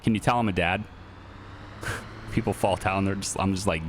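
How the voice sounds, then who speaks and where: A man's voice: sits low, fairly even intonation, normal speed, pauses often, slight background noise. A middle-aged man giving casual, chatty commentary over a car dealing game, repeating his points and laughing easily. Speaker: gaming YouTuber.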